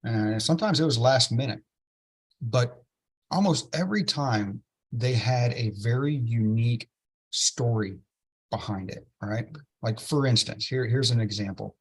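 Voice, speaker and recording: A man, an interview guest telling a story with excitement and many "right?" tag questions. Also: mid-range voice, unhurried, breathy edge. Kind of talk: enthusiastic storytelling in a podcast interview.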